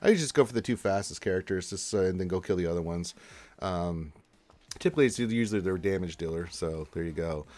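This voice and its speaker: A man's voice: low-pitched, fast, a little mellow. A man hosting a casual gaming livestream, reading out chat messages in a chatty way, with frequent laughs and fillers. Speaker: livestream host.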